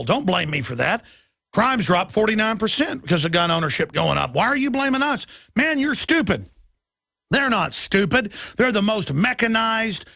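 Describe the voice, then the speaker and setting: A man hosting a political talk show, ranting with impassioned, rapid-fire delivery that swings up into shouting. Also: high-pitched, no room sound, studio quality. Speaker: talk radio host.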